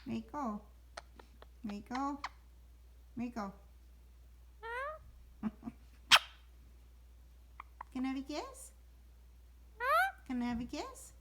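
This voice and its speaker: A woman's voice: high-pitched, sing-song, very slow, long pauses. A woman talking to her pet parrot at home in cooing, singsong baby talk, repeating her questions. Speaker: pet owner. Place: home, indoors. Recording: loud background noise.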